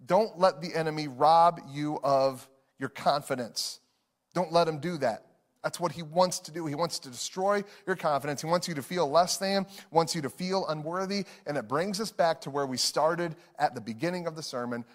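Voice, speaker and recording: A male pastor in his thirties delivers a sermon in an earnest, personal way. His voice sits slightly high for a man. He repeats phrases for emphasis and breaks into short chuckles between lines. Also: moderate pace.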